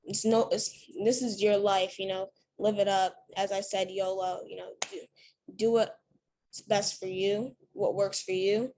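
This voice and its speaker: A woman's voice: medium pitch, flat delivery, measured pace, dark tone. Chatty teenage girl with faint noise. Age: teens. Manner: chatty, many fillers like "like" and "you know". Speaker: interview guest. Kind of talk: casual interview answers.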